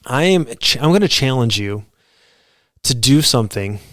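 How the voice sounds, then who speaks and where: A man's voice: mid-range voice, lively intonation, moderate pace, fairly bright tone, dry recording, clean studio sound. A man hosting his own podcast, speaking earnestly and gratefully to listeners in an unscripted solo monologue with frequent fillers and restarts. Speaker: podcast host.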